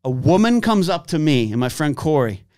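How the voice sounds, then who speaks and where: A man telling long stories in casual chat, acting out shouted quotes as he goes. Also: on the high side, moderate pace, no room sound, clean studio sound. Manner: animated storyteller, acts out shouted quotes. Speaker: podcast guest. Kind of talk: casual storytelling.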